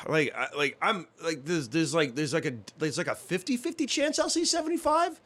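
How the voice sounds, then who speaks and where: A man's voice: a little high, big pitch swings, normal speed, fairly bright tone. A man, hosting a casual podcast chat, rambling and swearing, full of restarts and fillers. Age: 30s. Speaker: podcast host.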